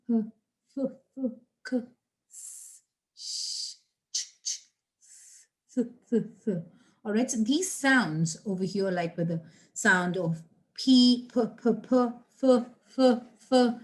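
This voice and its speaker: A woman's voice: mid-range voice, darkish tone. A woman teaching an online English lesson, chatty and playful, sounding out consonants as she explains.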